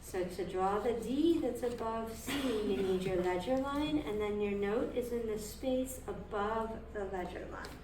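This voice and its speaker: In a group music lesson, a woman teaches piano, speaking at medium pitch and a measured pace with hardly any pauses. She patiently asks her students questions and echoes their replies, captured in a roomy, distant recording with faint noise.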